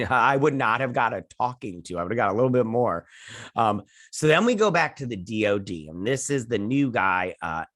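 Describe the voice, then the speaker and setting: A man talks through an episode recap in a loose, rambling way, jumping into characters' voices for quick quotes and tossing in the odd swear word. His voice sits in a middle pitch, and the recording is dry and close with no room sound. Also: animated, a bit bright, no echo. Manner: swears casually. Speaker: host. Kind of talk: casual recap and review.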